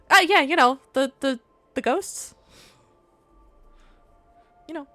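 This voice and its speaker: A woman's voice: high-pitched, slow, bright, forceful tone, no room sound, soft background music. A young woman streaming a video game, chatting casually and rambling between frequent giggles. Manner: chatty and giggly, laughs often between remarks; rambling, with frequent restarts and fillers. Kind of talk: casual gameplay chat.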